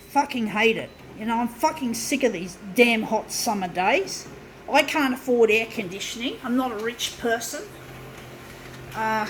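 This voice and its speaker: A woman's voice: fairly high pitch, a little hiss or hum, low-quality recording. A woman talking to viewers while working on a craft demo, hot, sweaty and shaking, swearing often and calling them folks. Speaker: vlogger demonstrating a craft. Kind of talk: frustrated casual monologue while working.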